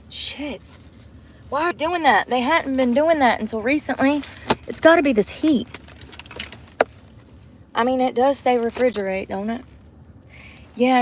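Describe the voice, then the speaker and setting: Woman streamer, fairly high voice, casual and foul-mouthed, talking into her phone in the car with a faint engine hum behind. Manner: chatty, profane, talks straight to viewers. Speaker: live-streamer. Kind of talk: casual live-stream chat. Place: inside a parked car at a drive-thru. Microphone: phone camera.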